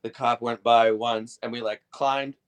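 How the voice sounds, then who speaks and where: A man's voice: medium pitch, measured pace, smooth. A man in his thirties telling wild stories in casual chat, swearing freely and acting out what people said. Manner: swearing, animated retelling with acted-out quotes. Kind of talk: casual storytelling.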